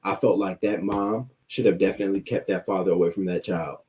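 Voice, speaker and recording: A man's voice: sits low, steady tone, fairly quick, darkish tone. A man hosting a live news commentary stream, ranting in a heated, profane way with many restarts while reacting to his chat. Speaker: livestream news commentary host.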